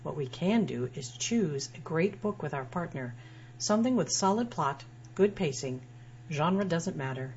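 A woman's voice: sits low, animated, a little slow, darkish tone. A woman writer reading her own personal essay aloud in a wry, dryly humorous way. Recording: dull lo-fi sound with faint hum.

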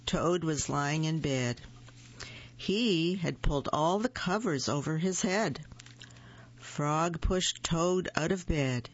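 A storyteller reading picture books aloud at a gentle, unhurried pace, in a gravelly voice. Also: medium pitch. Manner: slow, gentle read-aloud pacing. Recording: muffled, dull recording.

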